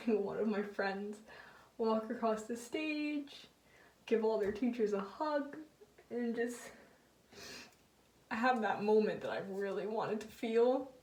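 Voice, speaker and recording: A woman's voice: mid-range voice, darkish tone. Teenage girl, candid and emotional, roomy sound. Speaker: vlogger. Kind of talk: personal storytelling vlog. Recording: roomy sound, mic at a distance.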